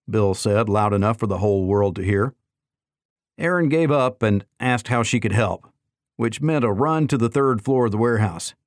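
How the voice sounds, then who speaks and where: A man reads an audiobook in a steady, even way. His voice sits on the low side. The recording is dry and close. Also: moderate pace, no echo. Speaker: audiobook narrator. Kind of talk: scripted audiobook narration.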